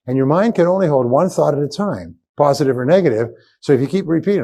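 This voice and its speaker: A man's voice: mid-range voice, expressive, fast talker, few pauses, mellow. Emphatic man lecturing a seminar audience. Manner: emphatic and repetitive, drilling key phrases. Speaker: motivational speaker. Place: seminar room with a live audience.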